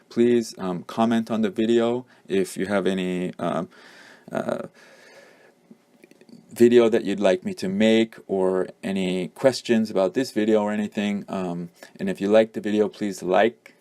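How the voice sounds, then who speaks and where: A man teaching English pronunciation in an online lesson, halting often with ums and uhs as he walks through examples. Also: lowish voice, steady tone, dark tone, no room sound.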